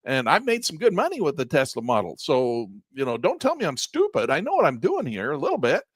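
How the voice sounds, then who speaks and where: A man's voice: fairly high pitch, huge pitch swings, a little fast, no room sound, clean studio sound. A man hosting an investing channel, talking casually and emphatically to his viewers, often repeating himself.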